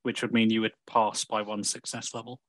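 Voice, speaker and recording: A man's voice: fairly low pitch, level tone, brisk, a bit bright, dry recording. A man playing a tabletop game over a voice call, chatting casually and explaining the rules. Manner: rules-minded, explaining mechanics. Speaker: player. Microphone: home mic on a voice call.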